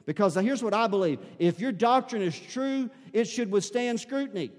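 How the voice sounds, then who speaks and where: A man's voice: high voice, expressive, moderate pace. A man preaching a sermon in a church, earnest and often repeating words as he presses a point. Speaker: pastor. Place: church sanctuary. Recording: long hall reverb.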